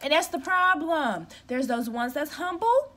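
A young woman with a high voice rants straight at the camera, blunt and emphatic. She talks casually from home, venting in a direct, no-nonsense manner. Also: sing-song, unhurried, pushed and bright. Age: young adult. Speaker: customer care representative.

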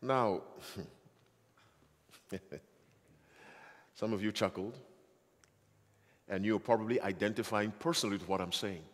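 A man's voice: lowish voice, a little slow, long pauses, long reverb tail. A man preaching a sermon in an emphatic way, often asking the audience questions. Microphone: handheld or stand microphone.

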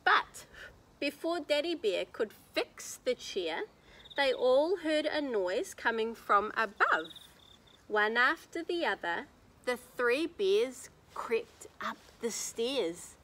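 A woman reading a picture book aloud to children outdoors in a garden, telling it with animated expression. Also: on the high side, slow pace. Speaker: children's story reader.

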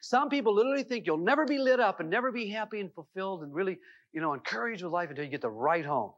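A middle-aged man with a fairly high voice tells stories in a folksy, animated way, full of "you know" and restarts. He is a seminar speaker giving a self-help talk. The sound is dull and lo-fi, like old VHS tape audio. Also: quick pace. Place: seminar room.

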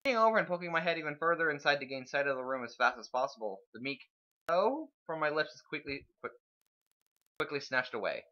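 Man reading game text, lively and bright. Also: a little high, fast, muffled recording. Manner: animated, laughs between read lines. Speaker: let's play co-host. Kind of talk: reading visual novel narration aloud with casual asides.

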